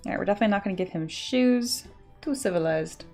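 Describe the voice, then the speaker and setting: A woman's voice: medium pitch, fast, a little mellow, faint music behind. Chatty woman streaming her sculpting. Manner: chatty, laughs often, reads chat aloud. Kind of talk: casual live-stream chat while working.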